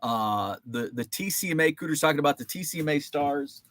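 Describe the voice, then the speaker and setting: A man's voice: on the high side, animated, fairly quick, fairly bright tone, slight background noise. A man hosting a casual livestream, rambling between topics and reading viewer comments aloud. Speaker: host.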